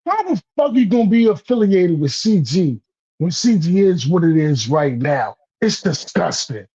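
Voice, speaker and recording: A man rants in a heated casual chat. His voice sits high and husky, with a mellow, dark tone. He rambles, repeats words and swears, pushing into loud bursts, all heard through a dull lo-fi stream recording. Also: big pitch swings, normal speed. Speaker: guest on a talk stream.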